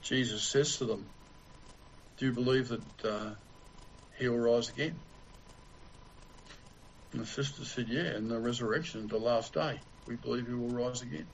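A man preaching a sermon in a slow, deliberate way with long pauses. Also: mid-range voice, vocal fry, slight background noise, poor audio.

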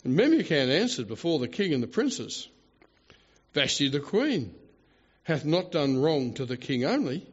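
A man preaching a sermon, animated and theatrical, with mocking asides. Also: on the high side, unhurried, husky, long reverb tail. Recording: dull lo-fi recording.

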